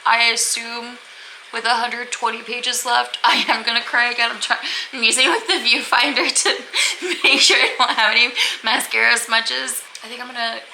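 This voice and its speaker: A woman's voice: fairly high pitch, steady tone, moderate pace, creaky, bright, forceful tone. A young woman chatting casually to her camera in a reading vlog, rambling with lots of "like"s and little laughs. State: teary, crying. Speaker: book vlogger. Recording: echoey room, faint background noise.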